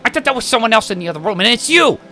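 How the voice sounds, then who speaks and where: A man putting on the voice of his girlfriend's cranky, sulking father, shrill and whiny. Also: little pitch movement, measured pace, pushed and bright, soft background music, exaggerated voice. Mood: indignant.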